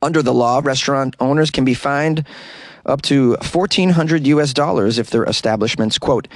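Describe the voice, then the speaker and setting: A man's voice: medium pitch, normal speed, no echo. Wry, joking Boston man. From Boston, USA. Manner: joking, wry asides, laughs at own jokes. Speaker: comedian podcast host. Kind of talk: comedic news podcast reading. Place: small closet.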